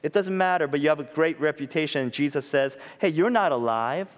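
A man's voice: on the high side, a little fast. A man in his thirties or forties preaching a sermon in a conversational way, often asking "you know?" and acting out quotes. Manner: conversational preaching, tag questions, acted-out quotes. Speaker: pastor. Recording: long reverb of a church hall.

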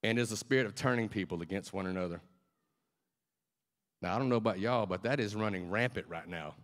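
A man's voice: fairly low pitch, fast, fairly bright tone. A male preacher delivering a fervent, conversational sermon that turns to emotional personal storytelling.

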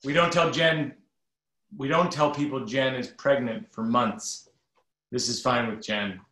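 A middle-aged man reading a funny personal story aloud from his book at a virtual event, with quick self-correcting asides. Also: mid-range voice, fairly even intonation, fairly bright tone, roomy sound.

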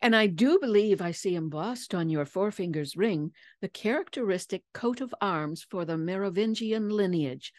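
A woman's voice: lowish voice, darkish tone, no echo, natural voice. A woman voicing a clever young girl detective who explains her deductions precisely and wryly. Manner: crisp, precise, lecturing.

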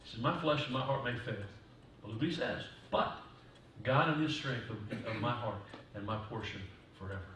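A male pastor giving a sermon in a church, moving from quiet talk to loud preaching. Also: medium pitch, moderate pace, slight background noise. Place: church sanctuary. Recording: distant mic in echoey church hall.

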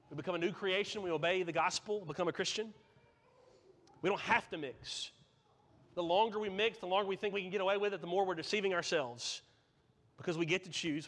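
A man's voice: high-pitched, fairly bright tone. A man preaching a Sunday sermon, earnest and questioning, building up to emphatic points. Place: church sanctuary. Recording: church hall reverb.

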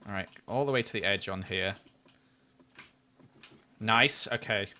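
Bright-voiced man streaming a game. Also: lowish voice, measured pace. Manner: chatty, self-critical, flares up at near misses. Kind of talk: live gameplay commentary.

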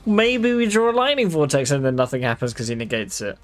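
A man's voice: mid-range voice, very animated, a little fast, soft background music. A man giving casual, wry commentary on his own gameplay, swearing freely and talking straight to his viewers. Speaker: gaming video creator.

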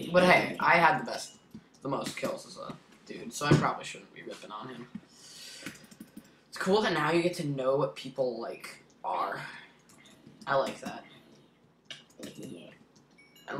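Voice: medium pitch, echoey room, background noise. A gameplay commentator in casual let's-play chatter, playful and teasing, muttering asides to the other players.

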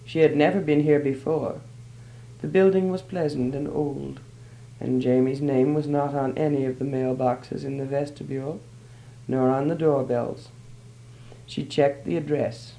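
A man narrating a short story in a measured, even storytelling manner. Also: medium pitch, creaky, rough recording.

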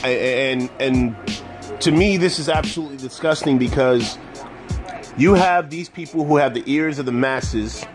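A man's voice: mid-range voice, normal speed, music in the background. A man giving an angry social commentary rant in an indignant, emphatic, repetitive way. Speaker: commentary vlogger.

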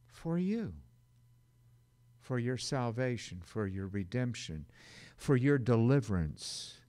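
A man preaching a sermon as a Bible teacher, dramatic and emphatic, with sudden loud bursts and conversational asides. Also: lowish voice.

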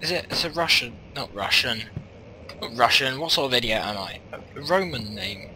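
A man's voice: mid-range voice, expressive, normal speed, bright, forceful tone, a little hiss or hum, low-quality recording. A young man commentating his gameplay, rambling and self-mocking, often muttering half to himself. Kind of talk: let's-play commentary. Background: game music.

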